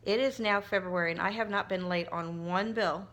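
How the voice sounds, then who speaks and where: A middle-aged woman speaks in a casual vlog while she works on a craft project. She tells her story in a heartfelt, emotional way, often restarting sentences. Her voice sits at an ordinary pitch for a woman. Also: steady tone, moderate pace, a bit bright. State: tearful at times. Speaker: crafting vlogger.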